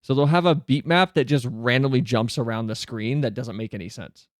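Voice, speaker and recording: A chatty man talking casually on a live stream at a mid-range pitch, into a close, dry desk mic. He answers chat with quick asides, and his voice jumps up when he gets flustered. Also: no echo.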